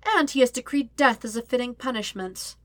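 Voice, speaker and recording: Woman putting on a cruel teen princess, crooning taunts, higher and louder than her reading voice, dry sound. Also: brisk, no room sound, close to an everyday voice. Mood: gloating. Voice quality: sing-song, crooning taunts. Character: cruel, gloating teenage princess sister. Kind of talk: audiobook-style fiction reading.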